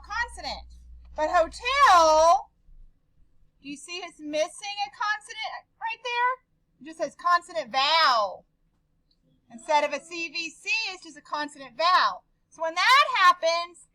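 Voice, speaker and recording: A woman teacher with a very high, bright voice walks her class through a phonics drill. She talks slowly and deliberately, giving short prompts one at a time, in a classroom. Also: rough recording. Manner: slow, deliberate, instructive.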